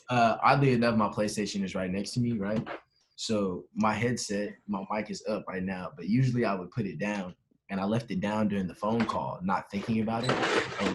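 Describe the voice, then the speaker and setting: Here is a young man with a somewhat low voice, chatting as a podcast guest. He tells his story with animation and jumps into the voices of the people he quotes. His talk is relaxed and casual. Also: a little fast. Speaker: podcast guest, professional baseball player.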